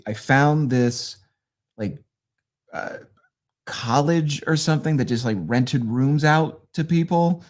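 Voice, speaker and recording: A man from northeastern Pennsylvania, a guest comedian telling road stories with a casual, profane, deadpan delivery. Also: mid-range voice. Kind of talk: casual storytelling.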